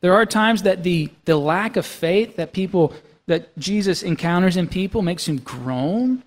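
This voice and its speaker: High-voiced male pastor in a reverberant church. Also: expressive, unhurried. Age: young adult to middle-aged, has young kids. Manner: conversational, asks the congregation "right?" and "okay?". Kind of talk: sermon. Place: church sanctuary. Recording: long reverb of a church hall.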